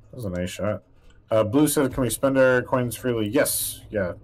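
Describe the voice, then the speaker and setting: A man's voice: mid-range voice, normal speed. A man co-hosting a game livestream, answering chat questions in a loose, rambling way with lots of restarts. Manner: rambling, many fillers and restarts. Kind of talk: casual livestream chat while gaming.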